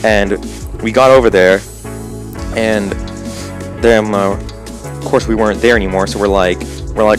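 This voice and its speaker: A man's voice: on the low side, steady tone, normal speed, pauses often, music in the background. A teenage boy and gaming channel host telling a story casually, rambling with lots of fillers. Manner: rambling, full of "like" and "um".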